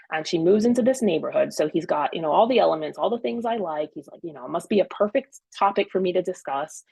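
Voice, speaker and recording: Podcast host, female, husky tone, lowish voice, animated storyteller. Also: no room sound, low-quality recording. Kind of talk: casual podcast chat.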